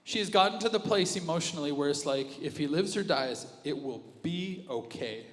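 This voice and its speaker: Animated man preaching in a reverberant church. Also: a little high, normal speed. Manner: animated preaching, swings from hushed to loud. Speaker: pastor. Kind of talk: sermon. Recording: live church audio with long reverb and music underneath. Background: worship music.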